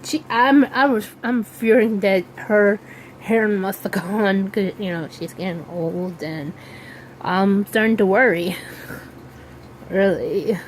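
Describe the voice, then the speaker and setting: Young woman vlogger, mid-pitched, slow and halting, casual chat, faint background noise. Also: poor audio. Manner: hesitant, many ums and restarts, slow drawl. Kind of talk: casual rambling vlog.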